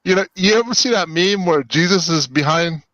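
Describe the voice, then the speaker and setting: A man chatting casually on a drawing stream, animated and quick to laugh. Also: high-pitched, no room sound. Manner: laughs often, animated storytelling. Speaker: co-host of an art stream. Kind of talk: casual chat. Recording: dull dry sound.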